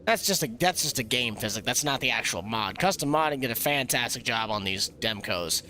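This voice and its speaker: A young man live-streams a farming game, rambling and cracking jokes with frequent laughter. His mid-range voice is animated, brisk and bright, with a forceful tone.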